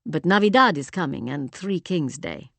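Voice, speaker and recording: A woman voicing a quiet, gentle man who drops Spanish words, soft-spoken and understated, in an audiobook. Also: a little high, lively intonation, normal speed, gravelly, dry recording.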